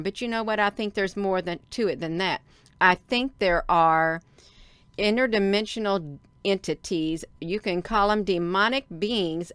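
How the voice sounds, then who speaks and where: A woman, hosting a livestream and talking excitedly to her viewers, repeating herself and calling them "you all.". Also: medium pitch, clear, resonant tone, no room sound. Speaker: livestream host. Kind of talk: casual livestream talk to viewers.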